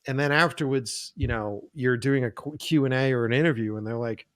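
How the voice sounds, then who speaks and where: A man's voice: mid-range voice, a little fast, no echo, clean studio sound. A man, a film director, telling stories on a podcast in a casual chat, acting out quotes and swearing freely. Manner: animated storyteller, acts out quotes, swears freely.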